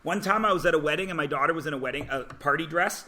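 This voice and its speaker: A man's voice: fairly high pitch, very fast, bright, forceful tone. A man teaching a math class, joking about himself and prodding students to guess answers. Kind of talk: classroom lecture.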